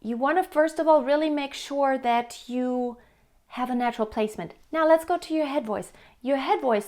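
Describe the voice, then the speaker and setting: A woman vocal coach with a high, light speaking voice, giving a singing lesson. She explains each point plainly and steps into quick sung examples to show what she means. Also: a little mellow.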